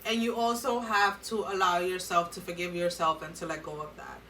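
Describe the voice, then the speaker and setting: A woman's voice: lowish voice, fairly even intonation, fairly quick, bright, forceful tone, distant mic, slight background noise, poor audio. A woman giving an earnest tarot card reading and talking straight to her viewers with advice. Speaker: tarot reader.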